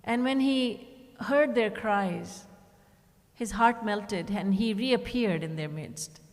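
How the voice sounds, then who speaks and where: A woman spiritual teacher gives a devotional discourse in a retreat hall, telling stories and shifting her tone to quote the characters. Her medium-pitched voice is slow and trails a long reverb.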